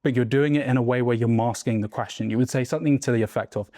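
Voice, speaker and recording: This mastermind teaching talk features a man coaching a group of business owners on sales in a room, his mellow mid-range voice moving quickly with hardly any pauses. He stays emphatic, tossing in "right?" and "okay?" to check on them. Audio is clean studio quality, free of room sound.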